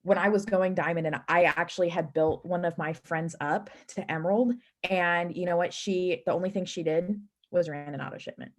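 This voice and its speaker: A woman with a somewhat low voice shares earnest, practical advice on a team video call. She pauses on fillers and restarts now and then, in a steady, matter-of-fact tone.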